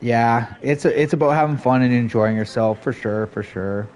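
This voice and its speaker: A man's voice: mid-range voice, moderate pace, darkish tone. A man in his thirties chatting casually to his stream viewers, rambling loosely with lots of "like" and "you know". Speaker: live streamer.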